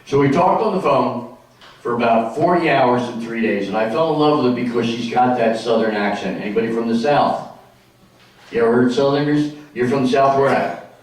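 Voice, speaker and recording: A man's voice: medium pitch, fairly quick. A middle-aged man doing a chatty, jokey stand-up comedy routine on stage in a senior community hall. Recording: echoey hall from far off.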